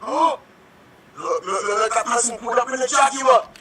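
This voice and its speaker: A man voicing an anxious, insecure nail technician in an online improv scene, prone to excitable outbursts, on a video call. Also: very high-pitched, moderate pace, slight background noise. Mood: fretful.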